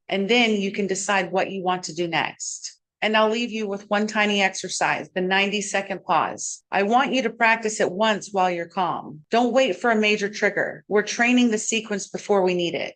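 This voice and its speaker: A woman with a calm, measured voice leads a guided self-help lesson. She speaks in a steady, instructive way, as if reading a prepared script, and walks listeners through each step. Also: mid-range voice. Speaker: host and wellness coach.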